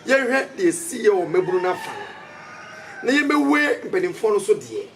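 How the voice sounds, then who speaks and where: A man's voice: high-pitched, huge pitch swings, moderate pace. A man interviewing a guest, prompting him and murmuring agreement. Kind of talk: interview questions. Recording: distant mic with faint outdoor noise.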